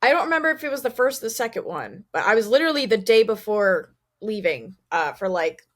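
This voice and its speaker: Animated young woman telling stories. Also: mid-range voice, fast. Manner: animated storyteller, swears casually, quotes others. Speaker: band singer, interview guest. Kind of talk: casual interview chat.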